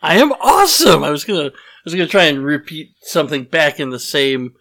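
A man's voice: on the high side, fairly quick, pushed and bright. A man hosting a casual podcast, rambling and self-deprecating, with lots of fillers and restarts. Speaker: podcast host.

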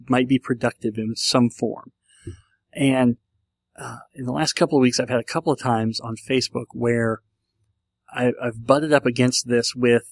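A man's voice: mid-range voice, no echo. An American man talking casually on his own, rambling and often correcting himself mid-sentence. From United States. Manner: rambling, self-correcting, conversational. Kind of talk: casual solo monologue.

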